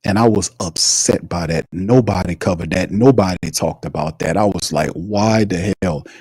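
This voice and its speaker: A man's voice: sits low, moderate pace, a little mellow, breathy edge, no echo, rough recording. A man hosting a sports livestream, ranting emphatically, repeating himself and reading viewer comments aloud. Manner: emphatic, repetitive, reads chat aloud. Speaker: sports show host.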